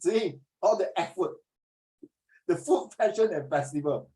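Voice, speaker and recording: A middle-aged man with a Singaporean English accent, teaching a class in a joking, animated way and putting questions to his students. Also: high voice, measured pace, poor audio.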